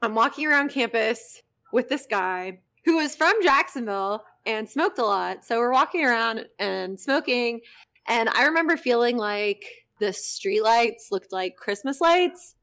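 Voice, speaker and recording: A young woman with a higher voice hosts a podcast, speaking unhurriedly. She tells a casual story in an animated way, swearing freely and often breaking into laughter.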